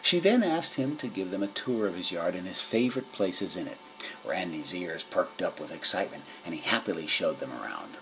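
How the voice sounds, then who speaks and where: A man narrating a children's story in an expressive storytelling manner. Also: deep voice, a little fast, slight background noise, poor audio. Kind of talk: storybook reading.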